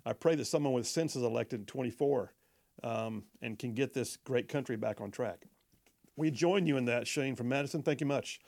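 A man's voice: medium pitch, normal speed, vocal fry, a little mellow. A man hosting a talk radio show, chatty and folksy, reading listener texts and often stumbling over his words.

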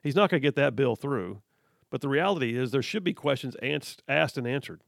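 A man hosting a talk radio show, speaking in an energetic, emphatic and folksy way. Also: medium pitch, brisk, vocal fry, no room sound, studio quality. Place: radio studio. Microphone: studio mic.

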